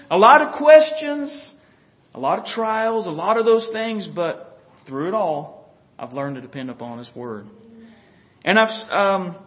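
A man's voice: sits high, dull audio. A man preaching a folksy, conversational sermon who often chuckles and talks straight to his listeners.

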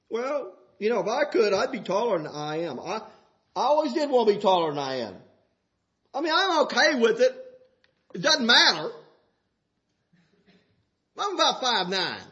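An older man preaches a folksy sermon. His voice sits high, bright and lively, sliding from near-whispered asides up to full shouts. The recording is muffled and lo-fi. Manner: folksy, swings from soft to shouting.

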